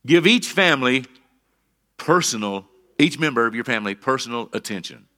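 A middle-aged man preaching a sermon as pastor, swinging between quiet asides and emphatic calls for amen from the congregation. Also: medium pitch, expressive, normal speed.

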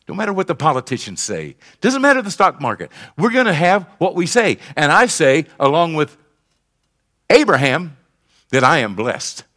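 An older man preaching a sermon as pastor, leading the congregation in call and response and swinging from soft talk to shouting. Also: a little high, huge pitch swings, moderate pace.

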